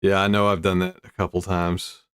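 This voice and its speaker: This American host talks through odd news stories on a casual live stream, chuckling and rambling while he breaks into his own sentences to respond to viewers. He speaks briskly in a low voice with little pitch movement and a clean tone, in a dry, studio-quality recording.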